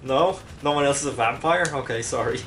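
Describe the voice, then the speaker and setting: A man's voice: mid-range voice, brisk, fairly bright tone, far from the mic, a little hiss or hum. A man giving casual gameplay commentary, rambling and poking fun at himself as he plays. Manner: rambling, self-mocking, jokey asides. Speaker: let's play commentator.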